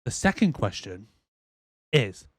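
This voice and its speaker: A man co-hosting a casual movie review podcast, animated and swearing a lot as he acts out movie lines. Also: mid-range voice, slow, breathy edge, dry recording, clean studio sound. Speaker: podcast co-host.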